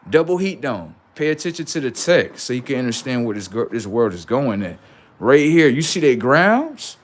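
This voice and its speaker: Man, livestream host, casual slangy monologue, preachy, rhetorical questions. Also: medium pitch. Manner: preachy, rhetorical, acts out both sides of imagined exchanges; casual slangy speech, frequent swearing.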